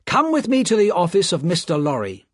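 A man voicing a calm, polite gentleman who speaks firmly and evenly. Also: high-pitched, breathy edge, no room sound, clean studio sound, pitched above the performer's own voice, heavily acted. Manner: measured, polite, firm.

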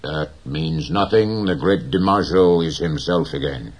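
A man voicing a gentle, dignified old fisherman in an audiobook reading, slow and measured. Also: very deep voice, full character voice.

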